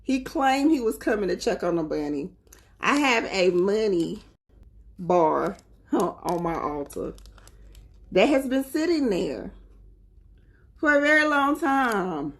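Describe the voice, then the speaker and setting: A woman's voice: mid-range voice, big pitch swings, slow pace, long pauses. A woman from North Carolina with a Southern accent, chatting casually and animatedly to her viewers, often laughing. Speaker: spiritual vlogger.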